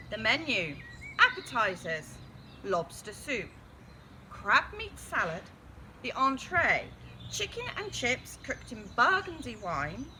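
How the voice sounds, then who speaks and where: A woman reading a children's story aloud in a lively, expressive way. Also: fairly high pitch, takes it slowly, a little hiss or hum.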